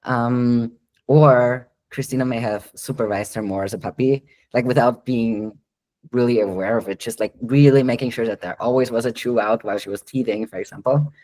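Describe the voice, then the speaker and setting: A man's voice: mid-range voice, steady tone, moderate pace, a little mellow, rough recording. A man working as a dog trainer, answering listener questions in a live online Q&A. He explains at length in a chatty way, with frequent ums and light laughs.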